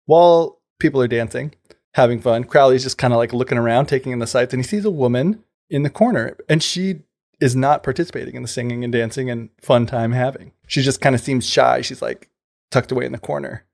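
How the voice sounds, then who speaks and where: Gravelly man casually retelling a folk tale. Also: mid-range voice, fairly quick, a little mellow. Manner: loose storytelling peppered with fillers and paraphrased quotes. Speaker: podcast co-host.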